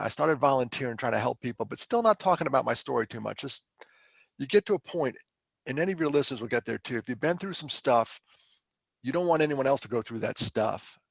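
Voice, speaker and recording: A middle-aged Pennsylvania man, a mental health speaker appearing as a podcast guest, shares his story candidly, conversational, emotional and self-deprecating. His voice is mid-range and gravelly, recorded with no echo.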